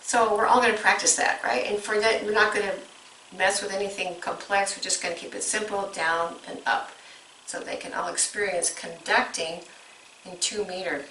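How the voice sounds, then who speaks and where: A woman's voice: mid-range voice, fairly even intonation, moderate pace, sharp tone, roomy sound, far from the mic, a little hiss or hum, low-quality recording. A woman coaching teachers through a music lesson, explaining step by step and breaking into short sung examples.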